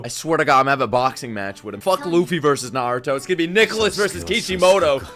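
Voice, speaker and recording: A man reacting to an anime episode live, excitable and swearing a lot as he talks back at the screen. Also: medium pitch, quick pace, few pauses, soft background music.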